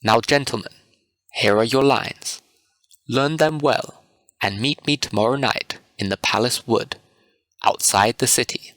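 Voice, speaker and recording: A man reading the part of a patient carpenter who runs a play and hands out roles, in an orderly, calm manner, in a storybook reading. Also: mid-range voice, a little slow, no room sound, close to an everyday voice. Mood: organizing.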